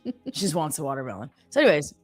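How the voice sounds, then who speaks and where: A woman's voice: low-pitched, sing-song, fast talker, darkish tone, husky, faint music behind. A woman in her thirties, from Canada, telling chatty stories with lots of fillers as co-host of a live trading stream. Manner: chatty storytelling with many fillers. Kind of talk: casual chat.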